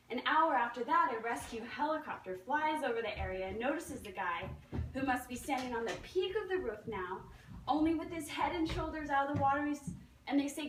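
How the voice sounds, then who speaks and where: A woman's voice: sits high, expressive, fairly quick, slight background noise. A young woman giving a nervous testimonial at a meeting, telling a story with many ums and acting out quoted voices. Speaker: testimonial speaker. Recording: echoey room, recorded from far off.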